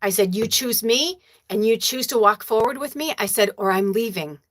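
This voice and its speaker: Hosting her spiritual livestream, this medium reads viewer comments aloud and talks in a casual, emotional, profane way, sometimes tearing up. Her voice is a little high and her pace moderate.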